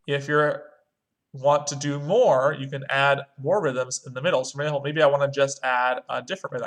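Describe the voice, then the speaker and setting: A man's voice: medium pitch, fairly even intonation, moderate pace, muffled recording. A male music teacher, walking young students through a screen-recorded online lesson step by step. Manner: talks through clicks step by step, chants rhythm syllables.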